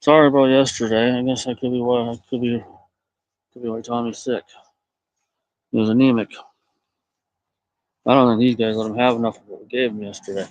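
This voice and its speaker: A man's voice: mid-range voice, fairly even intonation, a little fast, pauses often, no echo, low-quality recording. Rambling man talking to his goats. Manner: rambling, talks softly to animals. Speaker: livestreamer tending goats. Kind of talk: casual live-stream monologue. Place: outdoors in a farmyard.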